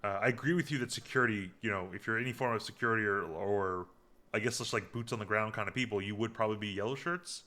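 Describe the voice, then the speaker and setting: A man's voice: fairly low pitch, fast talker, pushed and bright. A man hosting a podcast, casually recapping a TV episode in a rambling way, full of fillers and restarts. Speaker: podcast host.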